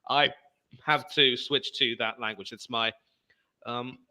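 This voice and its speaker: A man with a very bright, sharp-edged voice talks casually, pausing on fillers and restarting his sentences. He speaks at a middling pitch and works through his explanation bit by bit. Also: steady tone. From English-speaking country. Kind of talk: casual chat.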